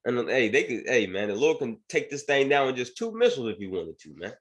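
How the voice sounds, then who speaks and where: A man's voice: mid-range voice, sing-song, brisk. A man teaching scripture and commenting on news in an emphatic preaching manner, often asking "right?". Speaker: bible teacher.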